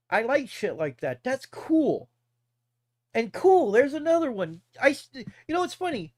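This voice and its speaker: A rambling, profane man in his forties holds forth to a live stream, laughing between tangents. His voice sits a little high and swings widely in pitch. The sound is dry and close. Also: very animated, unhurried, a little mellow, no echo. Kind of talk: casual rant.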